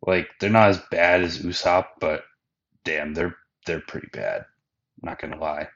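Deep-voiced man, casual slangy recap. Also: steady tone, unhurried, vocal fry, fairly bright tone, lo-fi sound. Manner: loose, slangy, swears, lots of fillers. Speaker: podcast host recapping anime.

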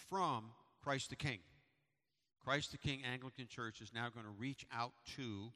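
A man's voice: medium pitch, pushed and bright. A middle-aged man, a pastor, giving a sermon and church announcements in a conversational, storytelling way with repetitions. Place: church sanctuary. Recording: long hall reverb.

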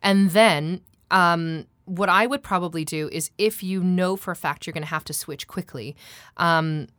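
A woman working as a coach, explaining her methods in a chatty, animated way with lots of fillers and restarts. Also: fairly low pitch, unhurried, no echo, clean studio sound. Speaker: accent and dialect coach. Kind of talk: conversational interview.

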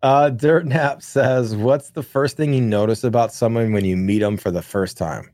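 Raised in the countryside, this podcast co-host has a mid-range voice and a moderate pace, captured with clean studio sound and no room echo. Chatting casually, he rambles through profane, lively stories of growing up in the country.

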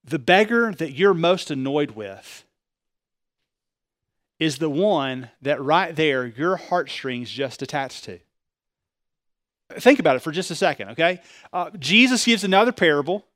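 Man, pastor, conversational sermon, high voice, dry close sound. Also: expressive, measured pace, pauses often, no echo. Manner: conversational preaching, swings between loud emphasis and quiet asides.

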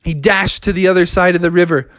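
A storyteller with a mid-range voice talks fast, making up a silly story on the spot. The narration is playful and animated, rambling along in run-on fashion from one "and then" to another.

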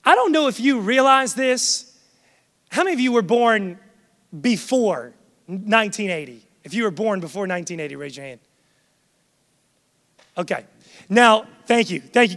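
A man's voice: high-pitched, expressive, normal speed, long pauses, fairly bright tone. A man preaching a sermon to a congregation, emphatic and swelling in force. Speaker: pastor. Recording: long hall reverb.

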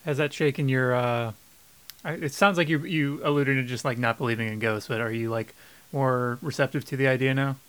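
A man's voice: medium pitch, fairly even intonation, brisk, a bit bright, slight background noise. A man interviewing casually, loose and slangy in how he talks.

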